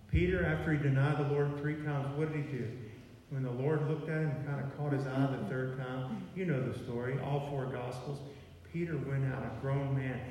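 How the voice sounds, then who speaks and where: A man's voice: medium pitch, mellow, a little hiss or hum. A man preaching a sermon in a folksy, conversational way, with "okay" and "y'all" sprinkled in. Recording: far from mic in an echoey hall.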